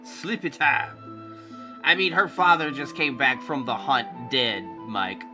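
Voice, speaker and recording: A man's voice: medium pitch, expressive, slow pace. A man streaming a video game, cracking joking, sarcastic asides as he plays. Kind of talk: let's play commentary. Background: game music.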